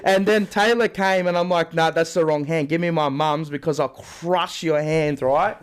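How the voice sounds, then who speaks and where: A young man chatting on a podcast, telling a story in an animated way with a lot of swearing and acted-out quotes. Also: fairly high pitch, normal speed, clean tone. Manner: animated, swearing storyteller acting out his own lines. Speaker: podcast co-host. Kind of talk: casual chat.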